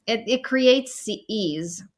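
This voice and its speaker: A woman hosting a podcast and coaching, chatting in an animated way and acting out the people in her stories. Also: on the high side, slow pace. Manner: animated, acts out quoted voices in stories. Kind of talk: conversational podcast chat.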